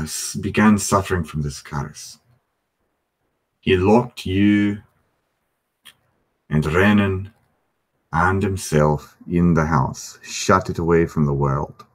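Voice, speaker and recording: Un uomo che fa Galder, un nano schietto e solenne. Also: male voice, sits low. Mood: earnest. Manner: deliberate, formal speeches. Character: gruff male dwarf adventurer, earnest and blunt.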